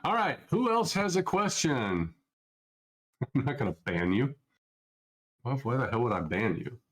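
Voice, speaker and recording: A man's voice: mid-range voice, sing-song, a little slow, low-quality recording. A middle-aged man from Minnesota hosting a casual live Q&A, answering viewer questions off the cuff in a loose, chatty way. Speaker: trading educator hosting a Q&A.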